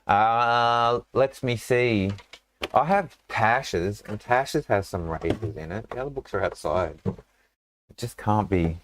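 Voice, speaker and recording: A man's voice: fairly low pitch, slow pace, a bit bright, slight background noise. A man running a tabletop game as game master, in a rambling, casual way full of fillers and restarts.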